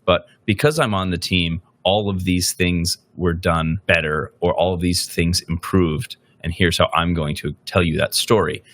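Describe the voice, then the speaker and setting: Deep-voiced man hosting a podcast. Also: steady tone, a little slow, few pauses, a bit bright. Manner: rambling, thinks aloud with frequent "right?". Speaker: podcast host. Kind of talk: podcast interview questions.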